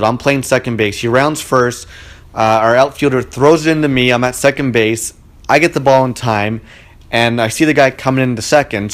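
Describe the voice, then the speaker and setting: Indignant chatty man. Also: medium pitch. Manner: chatty, indignant, frequent "like" fillers. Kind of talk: casual storytelling monologue. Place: living room at home.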